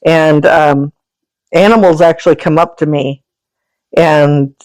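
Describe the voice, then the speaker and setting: Guesting on a podcast, a woman who founded an animal sanctuary and works as an energy healer tells animal stories in a chatty, rambling way, laughing frequently. She speaks slowly in a deep, slightly mellow voice with fairly even intonation. There's no echo, but the recording quality is low.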